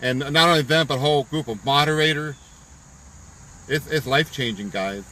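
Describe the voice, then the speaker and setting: A man's voice: on the high side, normal speed, pushed and bright, slight background noise, poor audio. A man giving a fervent, preachy pep talk on a live stream from his parked car, repeating himself for emphasis. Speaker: business promoter on live stream. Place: parked car at a park outdoors.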